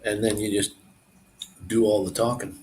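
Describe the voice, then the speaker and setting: A man's voice: fairly low pitch, moderate pace, slight background noise, poor audio. A man live streaming, chatting casually and rambling to his viewers. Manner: rambling, relaxed, talks to viewers.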